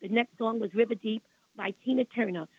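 A little high and a little fast, with a breathy edge, this older Brooklyn woman rambles through stories as a radio interview guest, repeating herself and sounding indignant about how things used to be. There's no room sound, just a tinny phone line.

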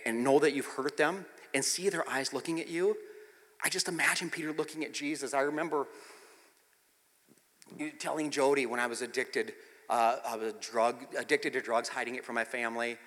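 A man preaching a sermon, telling the story with acted-out quotes and swinging from hushed, intimate passages to loud, shouted ones. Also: medium pitch, in a large hall. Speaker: pastor.

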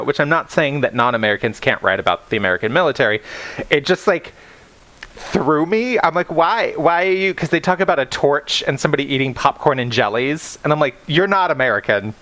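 A man co-hosting a podcast in a casual book discussion, animated and swearing freely, prone to tangents. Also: medium pitch, brisk, dry recording. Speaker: podcast co-host.

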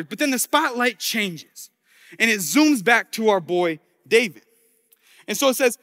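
A man's voice: high voice, measured pace. Man, preacher, casual storytelling sermon, slangy jokes, long church reverb. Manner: animated, slangy, jokey asides.

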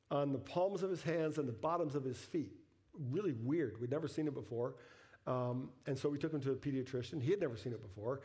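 A middle-aged man, a pastor preaching a sermon, telling a personal story that builds to emphatic peaks and falls back to soft, quiet lines. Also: a little high.

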